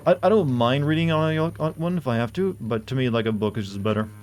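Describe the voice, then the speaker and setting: A man's voice: medium pitch, quick pace, darkish tone, faint music behind. A man streaming a game, chatting casually and rambling with frequent restarts and asides. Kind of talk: casual gameplay commentary.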